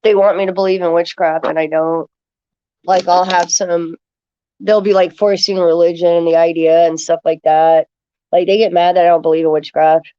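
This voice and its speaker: Low-voiced woman rambling to her viewers. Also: level tone, moderate pace, dark tone, clear, resonant tone, muffled recording. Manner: rambling, heavy with "like" and "uh" fillers. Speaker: livestreamer answering chat. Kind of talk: casual rambling talk to viewers.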